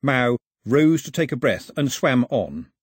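A man narrating an audiobook in an expressive storytelling manner. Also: medium pitch, measured pace, breathy edge, no echo, clean studio sound.

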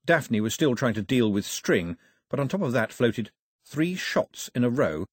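A man's voice: mid-range voice, sing-song, unhurried, slightly rough, no room sound, clean studio sound. A man narrating a storybook, reading expressively and switching voices for the characters.

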